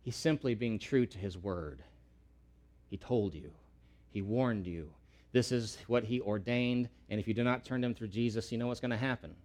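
A man preaching a sermon in an earnest way, repeating key words for emphasis and rising loud when quoting pleas. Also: on the low side, normal speed. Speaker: pastor.

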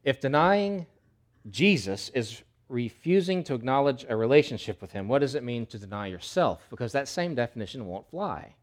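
A male pastor gives a sermon in a chatty, animated way. He sits at a middle pitch and leans on repeated phrases. He drops into a softer voice for key points. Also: normal speed. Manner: animated, conversational preaching with emphatic repetition.

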